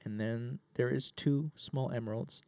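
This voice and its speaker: A man's voice: mid-range voice, steady tone, measured pace, dark tone, dry recording. A man narrating as game master in a casual tabletop session, laughing and lightly putting on voices.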